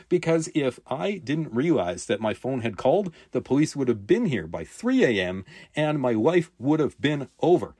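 Middle-aged male podcast host, mid-pitched, rambling animated storyteller, dry close mic. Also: normal speed, husky, dry recording. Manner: animated, rambling anecdote with quoted dialogue. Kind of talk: casual storytelling chat.

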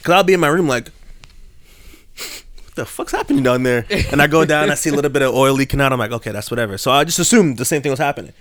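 A young man on a podcast spins a long story, laid-back and rambling, his voice leaping high whenever he laughs. The sound is dry and close, with no room around it. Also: fast talker, a bit bright, no echo. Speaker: podcast host. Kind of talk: casual storytelling chat.

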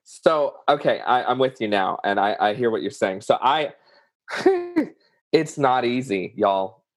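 A man's voice: mid-range voice, huge pitch swings, measured pace, no echo. A man with a Southern US accent, speaking earnestly and emotionally as a guest, sharing vivid personal examples. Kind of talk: candid conversation about emotions.

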